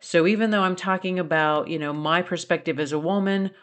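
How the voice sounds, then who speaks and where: A woman's voice: on the low side, brisk. A middle-aged woman hosting a solo podcast, talking earnestly and challenging listeners with pointed questions. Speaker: podcast host. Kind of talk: reflective solo podcast talk.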